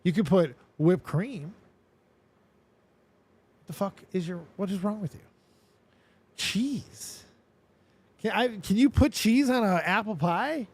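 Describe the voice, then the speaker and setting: A man hosting a casual show, talking in a rambling, profane, excitable way. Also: high voice, measured pace, pauses often. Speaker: host. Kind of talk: casual chat.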